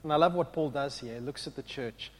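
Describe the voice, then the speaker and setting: A man preaching a sermon, with an impassioned delivery that swings from quiet reflection to loud exclamation. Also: medium pitch, a little fast, slight background noise. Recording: long hall reverb.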